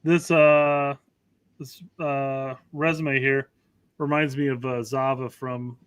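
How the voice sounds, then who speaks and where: A man's voice: mid-range voice, flat delivery, takes it slowly, a bit bright, clear, resonant tone, dry recording. Dry-voiced teasing man. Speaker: podcast co-host. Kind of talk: casual chat.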